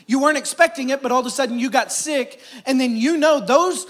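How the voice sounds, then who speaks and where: A man's voice: very high-pitched, a little fast, a bit bright. A man, preaching a conversational sermon to his church and calling out to the crowd. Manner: conversational preaching with crowd call-outs and jokes. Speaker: pastor. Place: church service.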